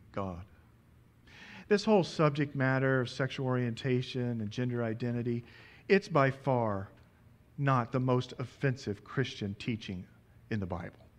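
A man in his forties, a pastor preaching a sermon, telling a lively personal story and acting out the dialogue. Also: medium pitch.

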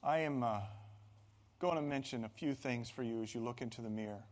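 A man's voice: mid-range voice, fairly quick, darkish tone. A middle-aged man preaching a sermon as pastor, earnest and building to emphatic bursts.

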